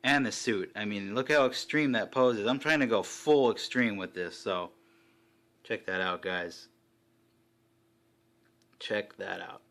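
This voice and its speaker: A man chatting casually and excitedly while reviewing a collectible figure, swearing now and then. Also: lowish voice, measured pace, long pauses.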